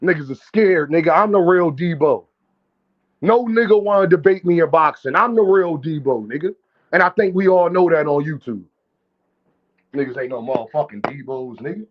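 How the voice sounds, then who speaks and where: A brash, profane man talks fast and loose on his livestream, calling out viewers and ordering people into his chat. His voice sits high for a man. The sound is dull and lo-fi, like stream audio. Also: animated. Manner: brash, profane trash-talking; addresses chat directly and calls out viewers. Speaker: boxing livestream host. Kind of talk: casual livestream commentary.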